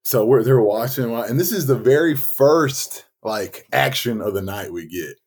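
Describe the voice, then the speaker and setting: Podcast co-host, male, husky lively storyteller, casual and profane. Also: mid-range voice, measured pace. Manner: animated, swearing, acts out quotes.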